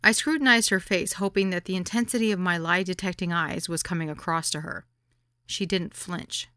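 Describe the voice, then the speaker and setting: Brief: female memoir narrator, wry deadpan delivery, bright crisp tone, lower pitch. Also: moderate pace, no room sound, studio quality. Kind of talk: audiobook memoir reading.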